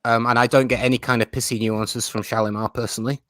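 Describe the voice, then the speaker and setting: A man's voice: mid-range voice, little pitch movement, fast, a bit bright, no room sound, studio quality. A man hosting a live stream chat, talking in a chatty, self-mocking way and laughing often. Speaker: host.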